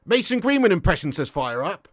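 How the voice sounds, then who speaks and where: A young man chatting casually on a live game stream, joking and laughing often. His voice sits fairly high for a man. The sound is dry and close. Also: very animated, brisk, no room sound.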